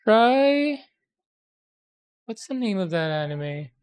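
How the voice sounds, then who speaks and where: A woman's voice: on the low side, unhurried. A woman in casual chat who rambles, hesitates and corrects herself as she talks. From immigrant to America.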